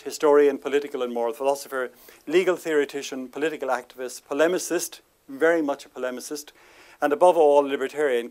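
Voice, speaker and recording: A man of ordinary pitch delivers an informal lecture to a live audience. His talk is chatty and full of self-deprecating asides and small laughs. He leans hard on each item when he runs through a list of words. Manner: chatty, laughs often between remarks.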